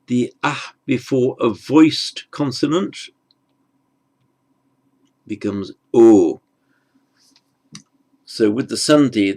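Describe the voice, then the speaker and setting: In an online lesson, a man teaches Sanskrit grammar, explaining slowly and carefully and correcting himself along the way. His voice is medium-pitched, creaky, and darkish in tone.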